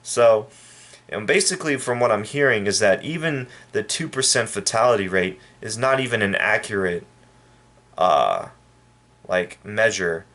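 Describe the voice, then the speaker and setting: A man from El Paso, Texas, giving a rambling, halting and indignant opinion rant to his viewers. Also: fairly low pitch, lively intonation, fairly bright tone. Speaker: vlogger. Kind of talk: casual opinion rant to camera.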